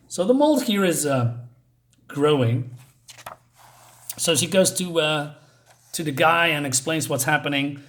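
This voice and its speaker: A man's voice: a little high, expressive, measured pace, pauses often, fairly bright tone. Hesitant man recapping a comic. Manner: hesitant, many fillers. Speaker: comic reviewer.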